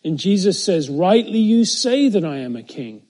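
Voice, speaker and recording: A man preaching an expository Bible teaching, measured and emphatic, slowing down on key phrases, with occasional fillers and self-corrections. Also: sits high, very animated, dark tone.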